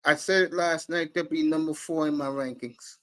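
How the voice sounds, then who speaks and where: A man's voice: on the high side, steady tone, normal speed. Brash, profane man hosting sports talk. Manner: brash and profane, talking to chat viewers by name. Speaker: sports talk show host. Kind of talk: live-stream sports talk.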